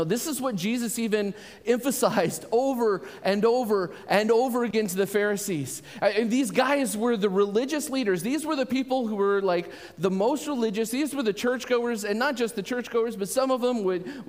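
High-voiced male pastor preaching in a hall. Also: a little fast, hardly any pauses. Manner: conversational, animated preaching with restarts. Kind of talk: sermon. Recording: long hall reverb.

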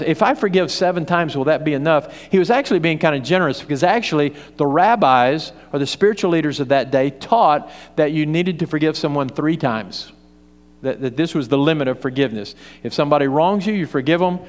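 Brief: male preacher, emphatic, high-ish voice, echoing church hall. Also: fairly quick. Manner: emphatic, repetitive, storytelling. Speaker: pastor. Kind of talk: sermon. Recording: reverberant hall.

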